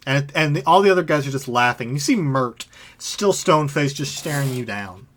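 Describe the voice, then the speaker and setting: A man's voice: medium pitch, lively intonation, moderate pace, fairly bright tone, a little hiss or hum. A young man narrating as game master in a tabletop game, casual and filler-heavy.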